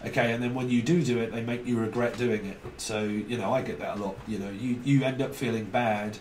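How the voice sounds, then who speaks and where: A man's voice: mid-range voice, fairly even intonation, brisk, a little mellow. A man giving a rambling, repetitive solo tarot reading, with digressions and joking asides. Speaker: tarot reader. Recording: roomy, distant mic, faint hiss.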